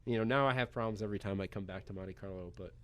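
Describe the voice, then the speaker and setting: A man's voice: on the low side, racing, a little hiss or hum. Chatty American man telling a story. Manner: animated, chatty, laughs while telling the story. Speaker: poker pro guest. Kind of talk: radio interview storytelling. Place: radio studio.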